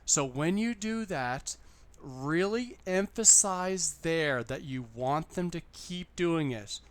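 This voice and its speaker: A man's voice: a little high, expressive, slow, clear, resonant tone. Chatty man giving teaching tips. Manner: upbeat, chatty, repeats points. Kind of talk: casual how-to talk to camera.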